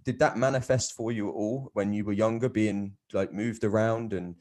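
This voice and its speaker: Podcast host, man in his thirties, fairly low voice; earnest and rambling, halting. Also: steady tone, a little mellow. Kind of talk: casual conversation.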